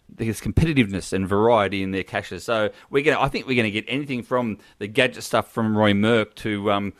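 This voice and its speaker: A man's voice: fairly low pitch, fairly quick, dry recording, studio quality. A man hosting a casual chat, rambling and laughing easily as he talks. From Australia. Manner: chatty, laughs often, rambling restarts. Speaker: podcast host.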